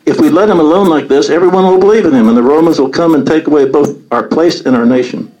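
A man's voice: fairly high pitch, quick pace, a little mellow, low-quality recording. A man leading a Bible study, reading scripture aloud and commenting on it earnestly.

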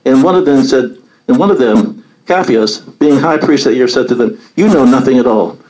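A man's voice: mid-range voice, animated, normal speed, darkish tone, poor audio. A man leading a Bible study, reading scripture aloud and commenting on it earnestly.

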